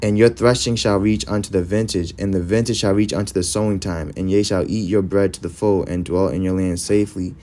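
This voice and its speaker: A man's voice: low voice, steady tone, a little fast, hardly any pauses, darkish tone. A man preaching, reading scripture verses aloud and following each with short, emphatic comments.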